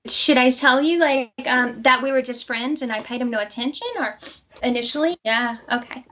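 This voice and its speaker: A woman being interviewed, telling a personal story and acting out quoted dialogue with lively energy. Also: high voice, normal speed, highs cut off. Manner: animated, acts out quoted dialogue.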